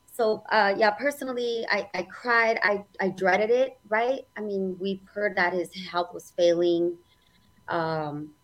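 A woman co-hosting a casual podcast, speaking in a heartfelt, halting way. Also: on the low side, poor audio. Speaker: podcast co-host. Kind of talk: casual chat.

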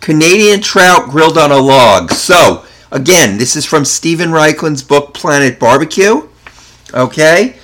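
A man hosting a casual podcast, chatting in a relaxed way and reading a recipe aloud. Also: fairly high pitch, unhurried. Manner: relaxed, chatty, self-correcting. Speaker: podcast host.

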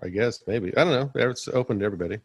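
A man's voice: on the low side, expressive, slightly rough, dry recording. A man co-hosting a casual podcast, joking and making playful asides. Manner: playful, jokey, quick asides. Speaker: podcast co-host. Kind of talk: casual chat.

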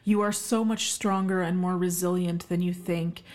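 A woman's voice: lowish voice, steady tone, moderate pace. A middle-aged woman from Canada hosting her own podcast solo, talking in an emphatic, effusive way with many ums and uhs. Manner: warm, emphatic, effusive with frequent fillers. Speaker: podcast host, health expert.

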